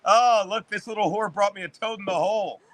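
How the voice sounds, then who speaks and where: Fifties male livestream host, high-pitched and punchy, rambling and cursing through casual chat. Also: fairly quick, a bit bright. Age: 50s. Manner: profane, rambling sports rant.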